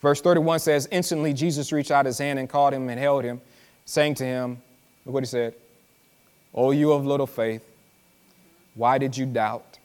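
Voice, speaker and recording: A pastor with a medium-pitched, smooth and slightly mellow voice preaches with a steady tone, drawing words out slowly and repeating phrases for drama. He talks conversationally to the congregation and tells them to listen, captured live with the hall's reverb.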